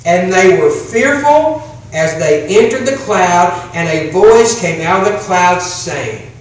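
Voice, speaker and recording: A man preaching a sermon as pastor, with slow emphatic phrasing that drops to a hush on key lines. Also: high-pitched, animated. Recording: echoey hall, distant mic, faint room noise.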